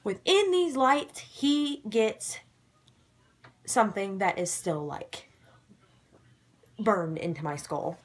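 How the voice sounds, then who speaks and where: A young woman casually recapping a TV episode to camera, animated and excitable, dropping into sudden dramatic whispers. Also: mid-range voice, slow, long pauses. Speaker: vlogger recapping a ghost-hunting show.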